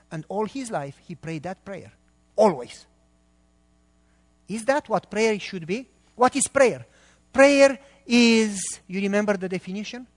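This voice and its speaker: Middle-aged male pastor, high voice, emphatic sermon delivery, long hall reverb. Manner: emphatic, quizzes the congregation with questions.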